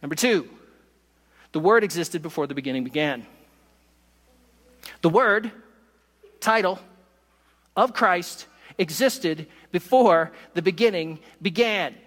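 High-voiced preacher in a reverberant hall. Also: male voice, lively intonation, fairly bright tone. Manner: emphatic preaching, pace shifting from quick asides to slow stresses. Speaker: pastor. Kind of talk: sermon.

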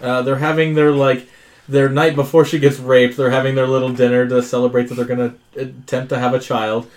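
A man's voice: mid-range voice, little pitch movement, a little fast. A man co-hosting a podcast, retelling film scenes in casual chat. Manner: storytelling, incredulous. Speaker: podcast co-host.

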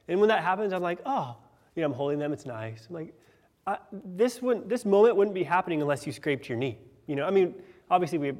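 A man in his thirties preaching a sermon as pastor, earnest, rising loud on key phrases and dropping soft on others. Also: fairly high pitch. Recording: long hall reverb.

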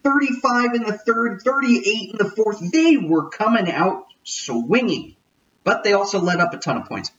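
A man's voice: high voice, lively intonation, moderate pace, a bit bright, recorded from a distance, lo-fi sound. A man hosting a casual sports podcast, jokey and rambling, often correcting himself. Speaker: podcast host.

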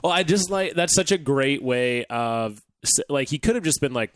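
A young man co-hosting a podcast, rambling in a relaxed way about sports, full of "like" and restarts. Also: medium pitch, moderate pace, no room sound, clean studio sound. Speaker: podcast co-host. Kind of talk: casual sports chat.

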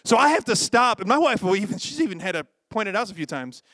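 High-voiced joking male preacher. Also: fast, no echo, studio quality. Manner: lively, joking, acts out quoted voices. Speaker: pastor. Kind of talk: sermon.

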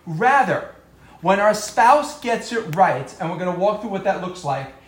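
A man with a slightly raised pitch speaks casually to an audience, acting out short quoted voices and joking at his own expense. His voice carries an echo from the room. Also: lively intonation, measured pace. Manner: conversational, acts out quoted voices, self-deprecating humor. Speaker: speaker giving a talk on marriage and parenting. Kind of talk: live talk to an audience. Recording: echoey room.

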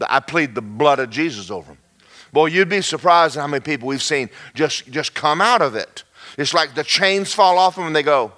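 Animated preacher man with a bright tone. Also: normal speed. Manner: animated, swings between loud emphatic lines and low quiet asides; folksy, acts out little dialogues. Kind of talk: sermon.

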